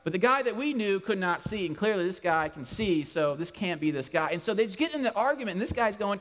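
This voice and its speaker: Animated high-voiced male preacher in a hall. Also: fast talker, few pauses. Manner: animated, humorous asides. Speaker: pastor. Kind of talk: conversational sermon. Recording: long hall reverb.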